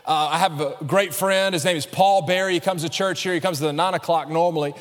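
High-voiced preacher in a reverberant hall. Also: male voice, quick pace. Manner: storytelling, joking, animated with acted-out quotes. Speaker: pastor. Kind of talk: sermon. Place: church sanctuary.

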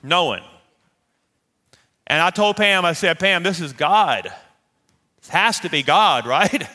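A man preaching a sermon, telling a personal story in a lively, animated way and acting out the voices of the people in it. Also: fairly high pitch. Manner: animated, acts out quoted voices. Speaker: pastor. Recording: long reverb of a large hall.

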